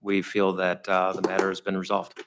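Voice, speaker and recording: A man's voice: low voice, monotone, normal speed, noisy background. A man serving as mayor at a council meeting, answering a question in a guarded, evasive and repetitive way. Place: city council chamber.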